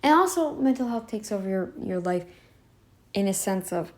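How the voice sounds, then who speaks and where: A woman's voice: mid-range voice, lively intonation, normal speed. Emphatic woman ranting in commentary. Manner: emphatic, ranting with rhetorical questions; sarcastic, addresses listeners directly. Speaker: reaction channel host. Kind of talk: casual commentary.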